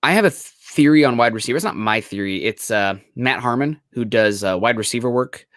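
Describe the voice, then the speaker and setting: A young man from Iowa hosts a casual podcast, rambling comfortably with plenty of fillers. His medium-pitched voice moves a little fast, captured in clean studio sound without echo.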